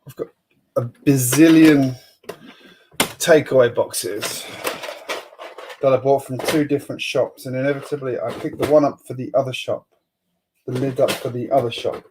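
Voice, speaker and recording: A chatty man hosts a relaxed live stream, greeting viewers and talking to himself as he sorts things. His voice sits at a middling pitch and drifts now and then from the mic. A faint noise hums behind him. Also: normal speed, long pauses. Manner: chatty, greets chat viewers, mutters while sorting bricks. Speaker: host of a building live stream. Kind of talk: casual live-stream chat.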